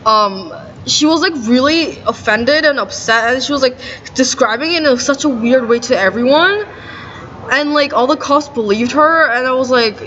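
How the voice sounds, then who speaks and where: A woman's voice: high voice, fairly bright tone. A woman in a rambling, agitated monologue to camera, indignant and peppered with "like". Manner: agitated and indignant, many "like" fillers. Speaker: vlogger. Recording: dull lo-fi audio with faint noise.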